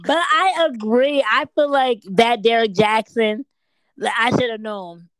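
Woman, podcast co-host; high, bright-pitched, chatty, quotes people playfully; dry close mic. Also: unhurried, clean tone, dry recording. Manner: chatty, animated, quoting others in playful voices. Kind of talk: casual chat.

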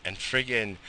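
A man in his thirties hosting a morning show, ranting casually with heavy swearing, coughs and sighs, recorded outdoors while smoking. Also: very noisy. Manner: profane, animated ranting with frequent coughs and sighs. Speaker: host of a morning radio show. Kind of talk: casual rambling monologue.

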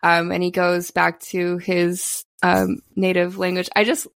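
A woman co-hosting a podcast in casual chat, animated, acting out quotes from a film. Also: on the low side, measured pace, gravelly, no echo, clean studio sound. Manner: animated, acts out quotes, laughs often. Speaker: podcast co-host.

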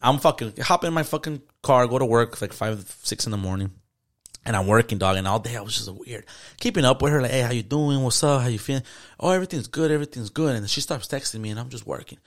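Fast-talking slangy man. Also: mid-range voice, expressive. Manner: slangy, profane, mixes in Spanish words. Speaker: podcast host. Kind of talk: casual storytelling chat.

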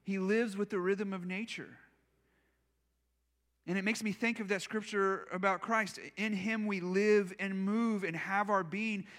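A man's voice: high-pitched, fairly even intonation, a little slow, a bit bright. A male pastor preaching a sermon in a church, telling personal stories in a conversational, self-deprecating way. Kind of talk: storytelling sermon.

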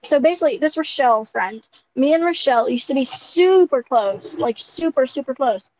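A woman's voice: high-pitched, expressive, normal speed, darkish tone. A young woman co-hosting a casual podcast, giggly and rambling with lots of "like" fillers. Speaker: podcast co-host. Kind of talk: casual chat. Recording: dull lo-fi sound with faint background noise.

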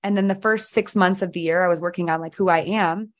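Emphatic, animated woman storyteller. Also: lowish voice, brisk. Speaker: guest, business mentor. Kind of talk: energetic storytelling in conversation.

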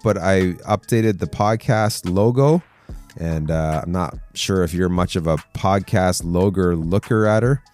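Male podcast host, very low voice, husky morning tone, relaxed rambling chat, faint music under. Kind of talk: casual chat.

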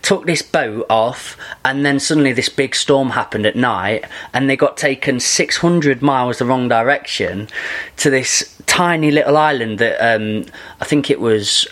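A man's voice: medium pitch, normal speed, fairly bright tone. A man in casual podcast chat, an enthusiastic and rambling storyteller who laughs often.

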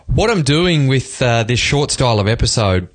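An Australian man, around his thirties, hosting a solo podcast in a chatty, relaxed way with loose restarts. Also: medium pitch, normal speed. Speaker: podcast host. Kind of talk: casual solo podcast chat.

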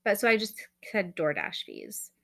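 A woman's voice: medium pitch, huge pitch swings, normal speed, creaky, sharp tone. A woman in her thirties co-hosting a casual chat podcast, rambling and chatty with lots of fillers. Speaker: podcast co-host.

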